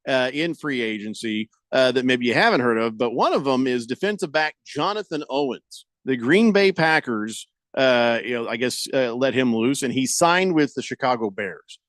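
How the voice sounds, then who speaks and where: A man's voice: mid-range voice, animated, moderate pace, hardly any pauses, fairly bright tone, dry recording. A middle-aged man, the host of a sports radio show, chatting and joking in a loose, rambling way. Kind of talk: casual radio banter.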